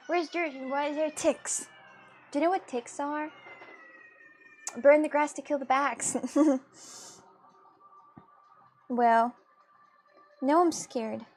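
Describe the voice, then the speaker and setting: A young female streamer with a high-pitched, slightly mellow voice draws while talking to her audience, with a little hiss or hum in the recording. She's giggly and chatty, often laughing and reacting to viewer comments.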